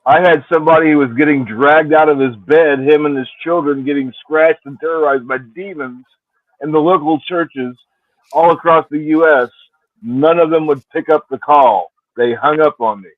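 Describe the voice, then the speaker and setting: Guy on a tinny phone-like line, slightly higher voice, fed up about nobody helping. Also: normal speed, no echo. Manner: speaks plainly, voicing frustration about help for victims. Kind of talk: casual chat. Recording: tinny phone-like call audio.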